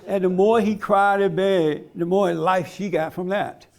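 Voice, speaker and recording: A man's voice: high-pitched, steady tone, unhurried, gravelly. A man giving a blunt, emphatic preaching-style talk at a conference, laughing along with his audience. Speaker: conference speaker.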